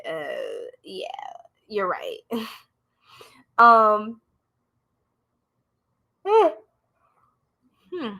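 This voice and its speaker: A woman's voice: mid-range voice, pushed and bright. A woman doing a casual live-stream tarot reading, chatting with viewers in a slangy, blunt way.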